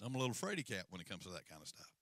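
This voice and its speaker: A male senior pastor preaching a sermon, telling the story with swings from hushed asides to loud, urgent lines and calls for amens. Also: low-pitched, big pitch swings, rapid-fire, no echo.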